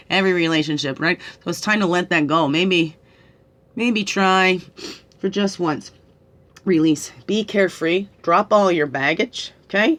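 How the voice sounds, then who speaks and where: A woman's voice: fairly low pitch, fairly bright tone. Woman, middle-aged, tearful spiritual reader; coaxing questions, frequent "right?", reflective pace. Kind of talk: reflective spiritual guidance talk.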